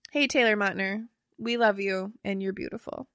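A woman's voice: mid-range voice, moderate pace, a bit bright, no echo. Chatty young woman, very dry sound. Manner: chatty, swears casually, trails off and restarts. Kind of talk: casual chat.

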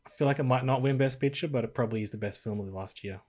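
A man's voice: mid-range voice, racing, darkish tone. A man co-hosting a podcast, chatting casually about a film in an easygoing, musing way. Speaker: podcast co-host. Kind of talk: casual film review chat.

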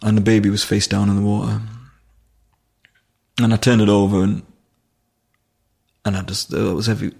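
Man, gravelly voice, flat delivery, emotional, halting, podcast guest. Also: fairly low pitch. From Durham, England. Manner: halting, emotional, many restarts. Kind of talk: personal storytelling in conversation.

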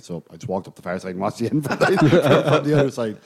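A man's voice: medium pitch, lively intonation, very fast, creaky, husky. An Irish man co-hosting a casual sports podcast, telling rambling anecdotes and laughing often. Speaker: podcast co-host.

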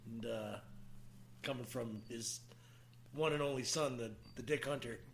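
A man's voice: mid-range voice, a little slow, slight background noise. A man co-hosting a podcast in casual banter, teasing his guest and swearing often. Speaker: podcast co-host.

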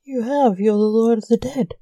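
A woman reading the part of a male caller who blackmails in a curt, dark manner. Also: a little high, moderate pace, no room sound, close to an everyday voice. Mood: menacing. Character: man, menacing blackmailing phone caller.

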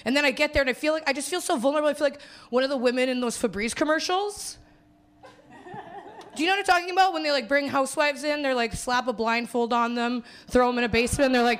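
Her voice high and fairly bright, a comedian from Winnipeg, Canada speaks a little fast during a live stand-up set. She's hungover, rambling and self-mocking, laughing a lot and doing put-on voices for quotes.

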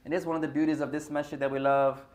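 A man's voice: fairly high pitch, little pitch movement, very fast, a little mellow. A man giving an earnest religious class in a mosque, speaking to the congregation as brothers and mixing in Arabic phrases. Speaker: mosque teacher.

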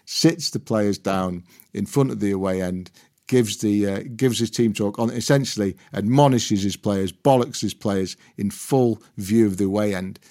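A man's voice: fairly low pitch, a little mellow. A man co-hosting a football podcast over a video call, telling anecdotes with laughs in between. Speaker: podcast co-host. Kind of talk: casual football chat.

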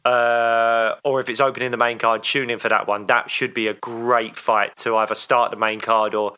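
Guy co-hosting a fan podcast, bright voice, chatty and keen. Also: medium pitch, little pitch movement, normal speed, clear, resonant tone. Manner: enthusiastic, chatty fan talk. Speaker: podcast co-host. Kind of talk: casual chat.

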